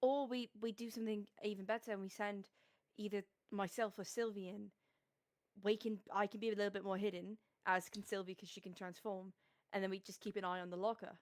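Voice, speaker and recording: A woman in a casual tabletop game, animated and quick to question and plan. Her mid-pitched voice is recorded close and dry. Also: no room sound. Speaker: player. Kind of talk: casual tabletop role-play.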